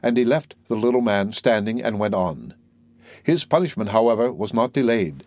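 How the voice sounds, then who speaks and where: A man reading a fairy tale aloud in a measured, even way. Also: fairly low pitch, dry recording. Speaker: narrator. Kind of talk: storybook reading.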